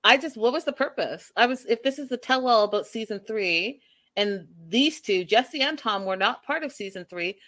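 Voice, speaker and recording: A woman's voice: fairly high pitch, moderate pace. A woman giving a casual, gossipy recap of a reality show, acting out what the cast said and reacting with exasperation. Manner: gossipy, animated, acts out quotes.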